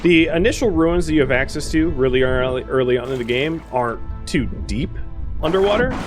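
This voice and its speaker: Brief: male game streamer, animated pitch, casual running commentary, faint music underneath. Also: fairly quick. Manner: chatty, thinks aloud, answers chat.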